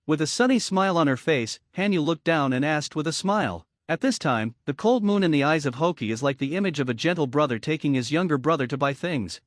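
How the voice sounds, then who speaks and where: A man narrating an anime recap at a steady reading pace. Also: on the high side, fairly quick, hardly any pauses, no room sound, studio quality.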